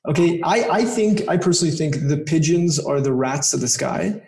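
A man hosts an interview and circles around his questions, starting over often before he lands them. His voice is gravelly and dark, set a little higher than most men's. He sounds like he is in an echoey room. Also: lively intonation, moderate pace, slight background noise. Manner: rambling, restarts his questions. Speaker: interview host.

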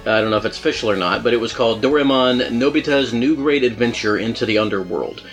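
Man, podcast host, casual rambling chat, lots of fillers, laughs often, average pitch, soft music under. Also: fast talker.

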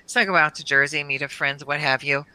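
Middle-aged woman, bright voice, animated storyteller who laughs a lot. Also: low voice, fast, smooth, dry recording, low-quality recording. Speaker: guest storyteller, mother. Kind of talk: casual storytelling.

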